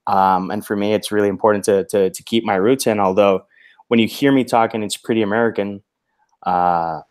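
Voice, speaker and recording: A loud, lower-voiced bilingual man. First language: bilingual in English and Spanish. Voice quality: naturally loud voice. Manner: animated, halting, lots of restarts and chuckles. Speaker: guest author. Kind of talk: casual video-call interview.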